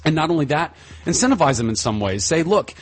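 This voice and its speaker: Husky, animated man in casual chat. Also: fairly high pitch, fast talker, faint music behind. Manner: animated, enthusiastic, trails off into fillers. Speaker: podcast guest.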